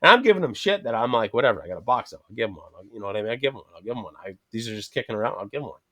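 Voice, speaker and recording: Guest: fast-paced man, casual and profane, acts out every voice in his stories. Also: on the low side, big pitch swings, fairly bright tone. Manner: profane, rambling anecdotes with quoted dialogue. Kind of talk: casual storytelling chat.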